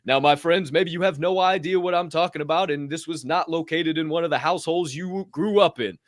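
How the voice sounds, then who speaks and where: A man co-hosting a podcast in casual, animated banter, swearing freely and calling listeners his friends. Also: on the high side, fairly quick, no room sound, clean studio sound. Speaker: podcast co-host.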